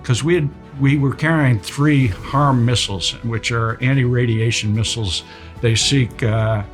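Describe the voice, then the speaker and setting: An older man, a retired naval aviator, recounting a combat mission in a relaxed storytelling way with many fillers. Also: mid-range voice.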